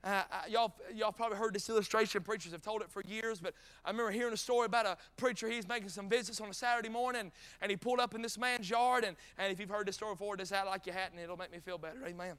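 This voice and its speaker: Speaking fast and with few pauses, a middle-aged North Carolina preacher delivers a folksy revival sermon full of stories and joking asides, rising to shouted peaks. His high voice is steady, clear and resonant.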